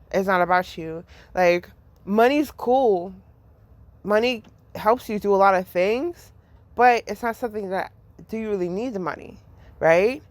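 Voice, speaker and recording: A woman's voice: medium pitch, no room sound. A woman hosting a podcast, talking in a rambling, profane way about faith. She laughs often and says "like" constantly. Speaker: podcast host. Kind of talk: casual spiritual reflection.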